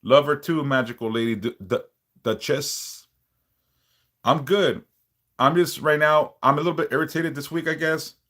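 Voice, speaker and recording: A man's voice: a little high, moderate pace, fairly bright tone. A man hosting a casual livestream, reading out viewer comments and bluntly warning them with plenty of swearing. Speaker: livestream host, spiritual worker.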